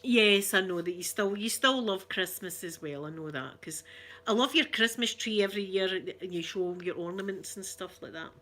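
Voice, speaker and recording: Bright-voiced chatty Scottish woman. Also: medium pitch, moderate pace. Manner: chatty and giggly, reading out viewer comments. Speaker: ASMR channel host. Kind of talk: casual live-stream chat.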